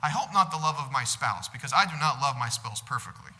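A male pastor preaching a sermon, earnest, growing loud on some phrases and dropping soft on others. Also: medium pitch, animated, quick pace. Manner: earnest preaching, swells louder on God's love and drops soft on comfort. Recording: echoing hall.

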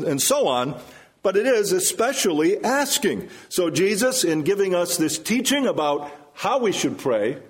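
Man preaching a measured sermon. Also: sits high. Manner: measured expository preaching, slowing on quoted scripture. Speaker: pastor.

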